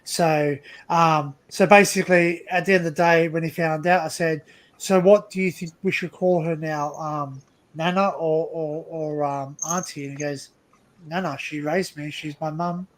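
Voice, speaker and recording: A man's voice: a little high, steady tone, moderate pace, poor audio. Rambling man hosting a stream. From Australia. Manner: rambling storyteller, frequent restarts. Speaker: livestream host. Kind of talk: casual livestream chat.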